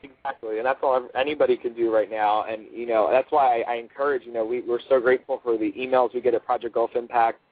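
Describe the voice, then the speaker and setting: A man's voice: medium pitch, fairly even intonation, fast, hardly any pauses. A man guesting on a radio show, speaking urgently with many stops and restarts. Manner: urgent, repeats and restarts words. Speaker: guest, activist. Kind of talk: radio phone interview. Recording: narrow phone-line sound.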